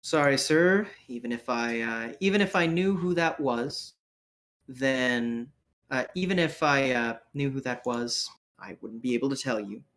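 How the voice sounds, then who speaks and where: A man doing a tall, ghoulish clinic attendant in a tabletop game, stiffly polite and guarded, hedging with small hesitations. His voice sits at an ordinary middle pitch and is delivered in a plain, low-key way. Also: a little slow, a bit bright, natural voice. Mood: prim, guarded. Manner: stiff, discreet, with hesitant uhs.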